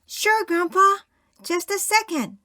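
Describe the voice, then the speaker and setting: A woman's voice: very high-pitched, lively intonation, slow pace, bright, forceful tone, dry recording, clean studio sound, voice pushed up, exaggerated voice. A woman voicing a young granddaughter who answers eagerly and bluntly.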